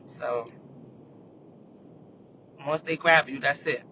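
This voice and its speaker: A man's voice: fairly even intonation, takes it slowly. A man hosting a casual live chat, rambling about current events and checking in with viewers with "you know what I mean". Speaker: livestream host. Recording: muffled lo-fi audio with faint rumble.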